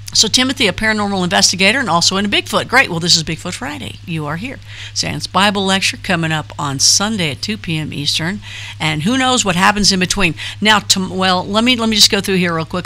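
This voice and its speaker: A middle-aged woman with a lowish, bright, forceful voice hosts a casual live stream. She chats loosely and rambles, reading names from the chat aloud with frequent fillers.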